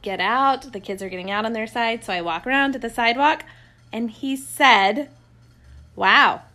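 A woman's voice: fairly high pitch, normal speed, bright, forceful tone. A woman in her thirties, a homeschooling mother, chatting casually and unscripted to the camera from an armchair at home, rambling through stories and laughing often.

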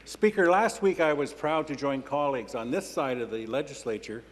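Male legislator, mid-pitched, scripted questions, echoing hall. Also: moderate pace. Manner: formal prepared questioning. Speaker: member of the legislature. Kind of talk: parliamentary question. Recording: reverberant legislative chamber.

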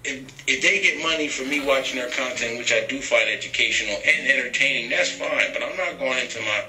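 A man's voice: medium pitch, a little fast, bright, forceful tone. A man on a podcast clip, speaking in a dismissive, mocking way about others. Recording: echoey room with faint music.

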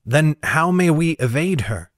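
A man's voice: a little high, animated, unhurried, no room sound, studio quality, voice pushed up. A man reading an audiobook, voicing an earnest, wary young woman with a lightly raised voice.

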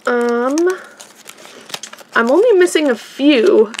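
A woman vlogger unboxes toys in slow, casual commentary, gushing with excitement as she talks to her viewers. Her voice sits a little high, and faint noise hums underneath. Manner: gushing, easily excited, addresses viewers as "you guys".

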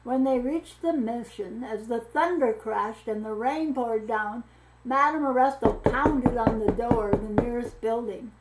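Slow, expressive woman storyteller. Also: a little high, heavy background noise. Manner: expressive, engaging the listeners with questions. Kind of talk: reading a missionary story aloud to children.

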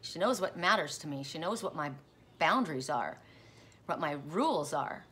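A woman's voice: low-pitched, animated, brisk, a bit bright. A middle-aged woman, a tarot reader, telling a personal dream story in a rambling, self-interrupting way. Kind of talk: casual spoken storytelling.

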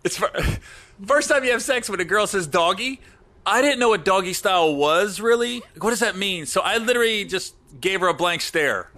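A man's voice: sits high, animated, moderate pace, bright, forceful tone. A middle-aged man hosting a comedy podcast, chatting loosely and laughing hard at jokes. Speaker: podcast host. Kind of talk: casual comedic podcast chat.

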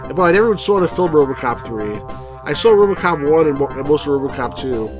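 A man hosting a casual let's play, rambling through his thoughts with plenty of fillers and little chuckles. His voice sits a touch higher than most men's. Faint game music plays quietly behind him. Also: lively intonation, fast talker. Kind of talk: casual gameplay commentary.

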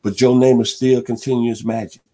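A male sports talk radio host with a mid-pitched voice tells the story of a classic football game. He builds the drama play by play and breaks into crowd chants and hummed band tunes as he goes. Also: little pitch movement, moderate pace, dark tone.

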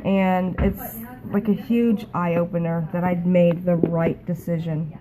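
A woman talking to a phone camera in an emotional, halting way, often repeating herself. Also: on the low side, steady tone, a crowd in the background, rough recording. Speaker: network marketing team member. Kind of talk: emotional casual talk to camera.

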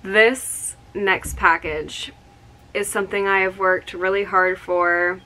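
A woman in her early twenties chatting through an excited unboxing vlog, gushing with many exclamations. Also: medium pitch, slow. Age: 20s. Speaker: vlogger. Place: home room with outdoor yard noise.

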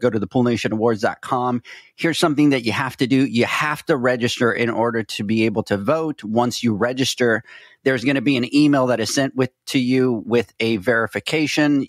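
A man's voice: medium pitch, no room sound. Upbeat man hosting a podcast, dry sound. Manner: upbeat, teasing, gives shout-outs. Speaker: podcast host. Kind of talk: casual chat and announcements.

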